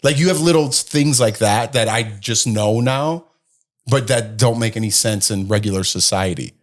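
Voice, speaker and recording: A man's voice: fairly low pitch, normal speed. A man co-hosting a casual chat podcast, teasing his co-host and explaining things at length.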